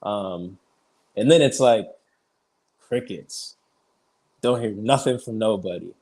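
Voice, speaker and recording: A man's voice: fairly low pitch, takes it slowly, darkish tone. Chatty man telling a story. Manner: chatty, fills speech with "like", retells conversations; laughs easily while telling stories. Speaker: guest, baseball pitcher. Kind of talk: casual storytelling in an interview.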